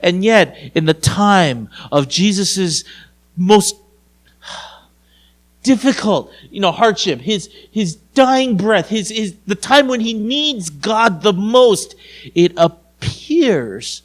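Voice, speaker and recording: High-voiced, unhurried male pastor. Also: animated. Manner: conversational, addresses listeners as "you guys"; swings between raised emphasis and hushed low tones. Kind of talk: sermon.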